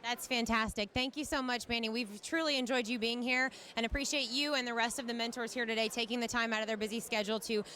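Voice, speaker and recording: A woman's voice: a little high, fairly even intonation, fast, few pauses, bright, forceful tone. A woman interviewing mentors at an outdoor event, upbeat and encouraging.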